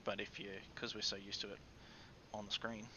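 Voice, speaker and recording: A man's voice: lowish voice, level tone, fairly quick, lo-fi sound, noisy background. A man with an Australian accent, co-hosting a casual livestream and rambling with frequent restarts. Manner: rambling, restarts often, chuckles between thoughts. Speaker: co-host. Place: studio.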